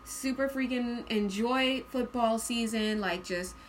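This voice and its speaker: A woman's voice: on the high side, takes it slowly, slight background noise. A woman giving a casual tarot reading, chatty and giggly, sometimes sighing in put-on voices. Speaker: tarot reader.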